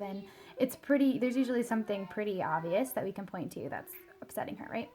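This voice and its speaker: A woman's voice: medium pitch, brisk. A woman in her thirties, a mother telling a casual vlog story, chatty and full of fillers. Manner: chatty, lots of fillers and "like", quotes her child in a small soft voice. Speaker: mother sharing a product story.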